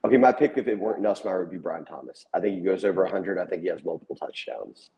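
A man's voice: low voice, fast talker, dull audio. A man co-hosting a sports podcast, chatting casually and retelling what players told him. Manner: conversational storyteller, retelling player quotes.

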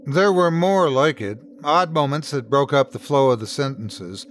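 A man hosting and narrating a scripted horror story in the first person, with lively shifts in tone. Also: mid-range voice, moderate pace, slight background noise. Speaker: host and narrator.

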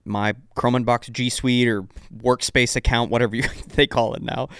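Smooth-voiced congested man on a podcast. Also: mid-range voice, flat delivery, moderate pace, a bit bright, no echo, studio quality. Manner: easygoing, agreeable, repeats words. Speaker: podcast co-host. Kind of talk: casual tech podcast chat.

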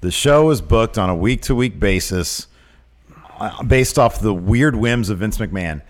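Animated man ranting on a podcast. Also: fairly low pitch, unhurried. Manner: animated, rising to outraged emphasis. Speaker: podcast co-host. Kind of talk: casual wrestling news chat.

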